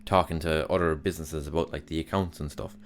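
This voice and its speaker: Young male podcast host, deep voice, rambling and profane, exasperated storyteller. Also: steady tone, quick pace. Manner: exasperated ranting about past jobs. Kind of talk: casual solo monologue.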